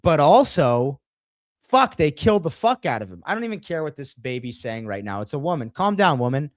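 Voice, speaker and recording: A man's voice: fairly high pitch, very animated, a little fast, dry recording. A man co-hosting a podcast, brash and profane, walking viewers through a video. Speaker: podcast co-host. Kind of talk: casual podcast discussion.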